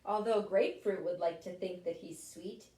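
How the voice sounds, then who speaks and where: A woman's voice: lowish voice, normal speed, mellow, lightly acted. A woman voicing a proud, indignant male tomato who fires off huffy, emphatic questions. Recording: roomy echo, voice from a distance.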